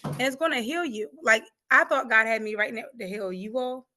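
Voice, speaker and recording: A woman's voice: a little high, lively intonation, a little fast, pushed and bright. A woman guest and grief coach giving a fervent, preachy faith testimony, often laughing and repeating phrases for emphasis.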